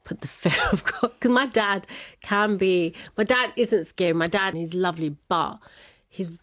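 A woman telling a personal story as an interview guest, laughing often and animated when quoting others. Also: medium pitch, normal speed, dry recording.

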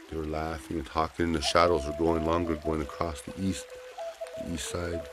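A man telling a traditional story aloud in a gentle, folksy, unhurried way. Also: rumbling low.

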